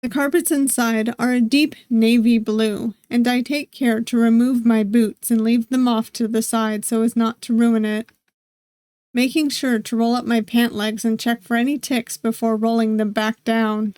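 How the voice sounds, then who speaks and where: A woman streamer reading a visual novel aloud, with steady narration and playful asides. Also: on the high side, normal speed, clear, resonant tone, no room sound. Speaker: gaming streamer.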